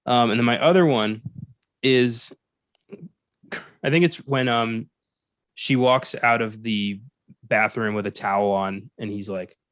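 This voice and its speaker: A man's voice: medium pitch, fairly bright tone, no echo, studio quality. A man co-hosting a casual movie review podcast, sarcastic and laughing often, swearing freely. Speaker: podcast co-host.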